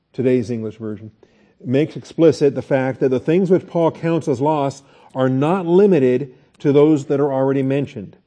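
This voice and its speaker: A man's voice: mid-range voice, dark tone. A man teaching a Bible study lecture in a conversational way, asking the class questions and restarting his sentences.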